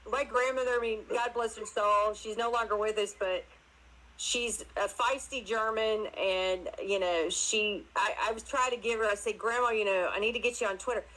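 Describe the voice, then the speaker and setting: A woman guest telling casual stories in an animated way, laughing often and acting out other people's voices. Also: medium pitch, normal speed, poor audio. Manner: animated, laughs often, acts out her mother's voice. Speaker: interview guest. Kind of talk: casual storytelling chat.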